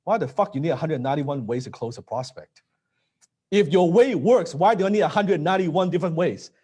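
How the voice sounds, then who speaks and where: A man teaching a live sales training, blunt and casual, swearing now and then and dropping low to stress points. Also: animated, brisk, darkish tone, breathy edge. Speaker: sales coach.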